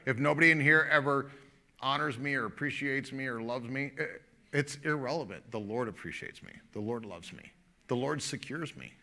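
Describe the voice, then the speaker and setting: A man's voice: mid-range voice, sharp tone. A male pastor giving a live sermon in an emphatic, repetitive style, often breaking into laughter.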